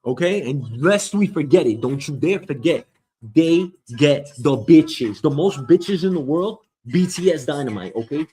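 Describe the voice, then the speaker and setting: In a dark, breathy-edged voice pitched a little high, the man sounds animated yet speaks a little slowly. As solo host of a comedic news show, he rambles, swears and mock-argues with an imaginary listener.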